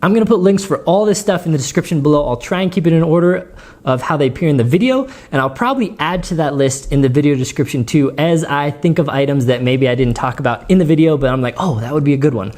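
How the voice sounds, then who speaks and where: Fast and fairly high-pitched with a darkish tone, a gear vlogger with a runny nose talks casually and rambles at his dining room table at home, frequently dissolving into giggles.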